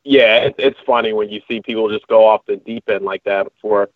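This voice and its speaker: A man's voice: lowish voice, fairly even intonation, a little fast, no echo. A man co-hosting a podcast, chatting casually in a rambling way with many fillers and restarts. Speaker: podcast co-host. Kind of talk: casual chat. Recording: tinny phone-like line, dry.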